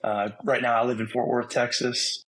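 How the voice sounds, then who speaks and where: A man's voice: medium pitch, normal speed, slightly rough, low-quality recording. A middle-aged man from Rhode Island with a faded New England accent, a sergeant major guest telling his story matter-of-factly. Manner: even-toned, matter-of-fact storytelling. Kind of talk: casual interview chat.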